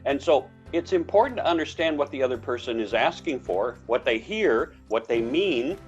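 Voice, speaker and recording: A man's voice: animated, normal speed, muffled recording, faint music behind. A man co-hosting a casual talk about relationships, telling anecdotes and acting out bits of dialogue. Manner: storytelling, acts out dialogue with big pitch jumps. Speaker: podcast co-host.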